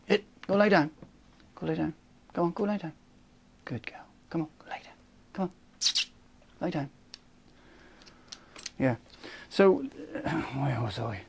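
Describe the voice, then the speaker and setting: Middle-aged man, fed-up product-rant vlogger, slightly high pitch, sweary and rambling. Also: a little hiss or hum. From United Kingdom. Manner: exasperated, swears, repeats "you know", rising pitch when angry. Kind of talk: casual ranting monologue.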